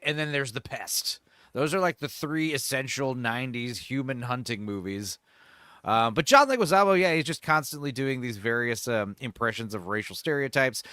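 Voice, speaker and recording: A man hosting a casual chat show, talking about films in a rambling, animated way with lots of fillers and laughs. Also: medium pitch, clear, resonant tone, no echo, clean studio sound. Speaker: host.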